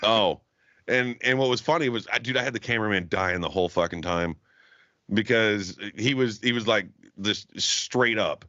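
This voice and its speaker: This man's voice sits lowish and comes out pushed and bright at a moderate pace. Co-hosting a podcast, he swears, laughs, and acts out others' quotes while telling stories in relaxed conversation. The recording is dry, dull, and lo-fi.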